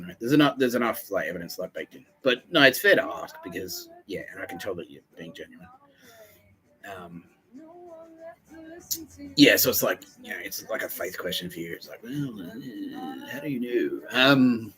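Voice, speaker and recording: A man in casual podcast chat, rambling and earnest, with many fillers, often dropping to a hushed mutter. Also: low voice, rough recording. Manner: rambling, meandering, heavy on fillers.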